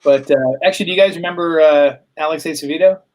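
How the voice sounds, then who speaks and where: A man's voice: fairly high pitch, steady tone, fast talker, a little mellow, rough recording. A middle-aged man, a guest telling rambling anecdotes over a video call, with many fillers and laughs. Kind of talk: casual storytelling chat.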